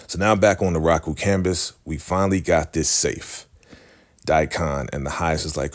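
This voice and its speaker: A man's voice: extremely low pitch, normal speed. A man casually recapping a TV episode, animatedly acting out the characters' lines. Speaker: TV recap vlogger.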